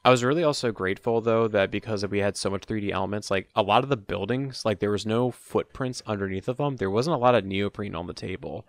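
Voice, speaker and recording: A man's voice: fairly low pitch, fast, few pauses. A man co-hosting a gaming podcast and chatting casually as an event organizer, rambling with many fillers and restarts. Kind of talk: casual roundtable chat.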